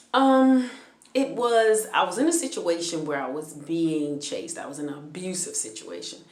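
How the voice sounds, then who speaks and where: Low-voiced woman telling a story. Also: echoey room. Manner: conversational, frequent hesitations and restarts. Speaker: vlogger telling a personal story. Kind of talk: casual spoken storytelling.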